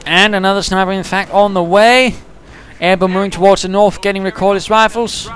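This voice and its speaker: A man giving chatty play-by-play commentary on a strategy game match, getting excited at the big moments. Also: sits high, fairly quick, a little hiss or hum.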